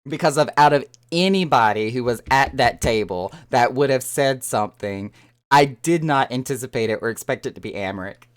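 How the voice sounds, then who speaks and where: Chatting loosely with a live audience, this game streamer sounds animated and excitable, laughing often in a mid-range voice. Searching for words, he trails off and repeats himself.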